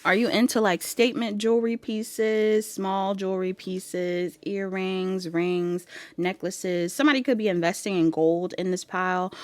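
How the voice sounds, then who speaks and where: Casting note: woman tarot reader with a mid-pitched voice, relaxed and giggly, recorded dry and close. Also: unhurried, no echo. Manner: giggly, chatty, addresses viewers as y'all. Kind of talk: casual pick-a-card tarot reading.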